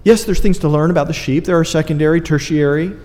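A man's voice: a little high, fast talker, a little mellow, big-room sound. A man preaching a sermon, earnest and emphatic, with dry asides to his congregation. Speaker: pastor.

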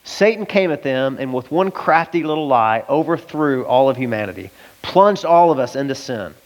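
A man from the American South preaching a lively, conversational sermon and often asking his listeners questions. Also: mid-range voice, normal speed, rough recording.

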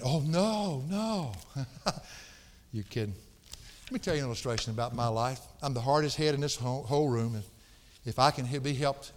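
Folksy preacher in a reverberant hall. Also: male voice, mid-range voice. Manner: folksy, emphatic preaching that swings between loud outbursts and hushed asides. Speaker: pastor. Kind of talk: sermon.

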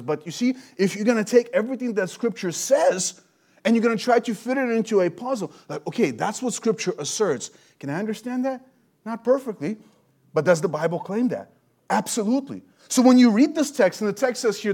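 A man preaching a sermon, working through scripture with lively emphasis and rhetorical questions. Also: sits high. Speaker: pastor.

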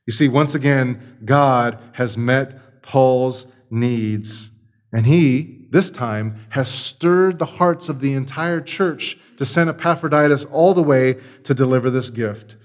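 A man preaching a Sunday morning sermon, teaching through a Bible passage with emphatic repetition. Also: medium pitch. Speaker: pastor.

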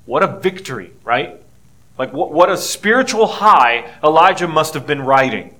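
Middle-aged guy preaching, bright forceful voice, earnest and chatty. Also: a little high, animated, normal speed. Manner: earnest, conversational preaching with rising emphasis. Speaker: pastor. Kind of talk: sermon.

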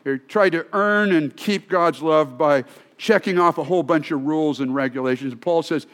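A man's voice: fairly high pitch, moderate pace, a bit bright. A male pastor preaching a sermon in a conversational, storytelling way, often restarting his sentences.

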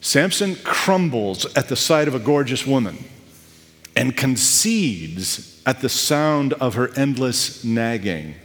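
Animated male preacher in an echoing hall. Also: mid-range voice, slow. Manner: conversational, animated storytelling with asides. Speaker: pastor. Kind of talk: sermon. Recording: echoey hall with long reverb.

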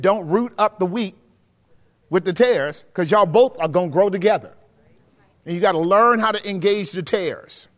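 A man with a high voice preaches, asking his listeners frequent questions. He moves between quiet, low passages and emphatic rises. His voice rings out in a hall with a long reverb tail. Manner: preaching with rhetorical questions to the congregation. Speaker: pastor. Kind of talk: sermon teaching.

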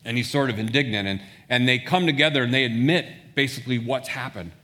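A man's voice: mid-range voice, fast talker, pushed and bright. A man preaching a sermon, retelling a scripture story in plain words and briefly acting out the characters' lines. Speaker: pastor. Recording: long reverb of a large hall.

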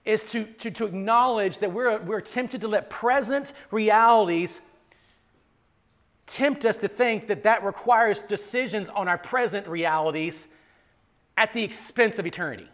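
A man with a fairly high voice preaches to his congregation. He is earnest and restarts his words often, rising to loud emphasis and then dropping to near-quiet pleading. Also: unhurried. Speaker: pastor. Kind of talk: sermon.

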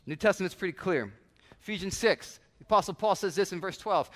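This is a man delivering a sermon in a church hall that carries a long reverb. His voice sits high for a man. He preaches with animated energy, dropping into acted-out everyday voices to illustrate his points. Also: measured pace, long pauses. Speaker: pastor.

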